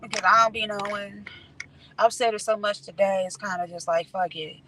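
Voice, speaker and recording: A woman's voice: medium pitch, steady tone, normal speed, pushed and bright, low-quality recording. A woman chatting casually and candidly on a livestream, swearing freely and laughing as she talks. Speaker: vlogger. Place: in a car at night. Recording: road noise from a moving car.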